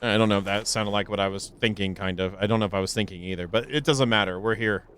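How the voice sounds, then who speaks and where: A young man streaming a game live, rambling casually with stammering restarts and sudden high, excited yelps. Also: fast, clear, resonant tone. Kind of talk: casual live gameplay commentary.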